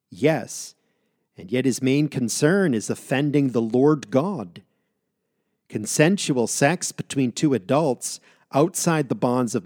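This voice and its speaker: A man reading scripture aloud and pausing to explain it, leaning on key words with measured emphasis. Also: medium pitch, a little mellow, no echo, studio quality. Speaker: Bible teacher. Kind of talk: Bible reading with commentary.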